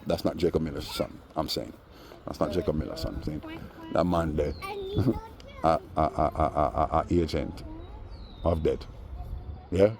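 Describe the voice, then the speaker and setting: A middle-aged Jamaican man talking in a casual vlog monologue, animated, laughing often and slipping into patois. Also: low voice, vocal fry, slight background noise.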